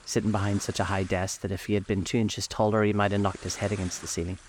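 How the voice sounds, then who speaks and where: A man narrating a classic novel aloud in a steady, even storytelling manner. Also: lowish voice, quick pace, a little hiss or hum.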